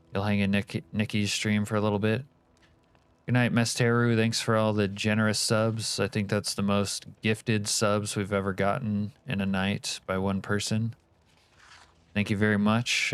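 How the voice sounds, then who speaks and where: A livestream host with a smooth, fairly low voice chats casually, reading messages from chat and replying with foul-mouthed jokes.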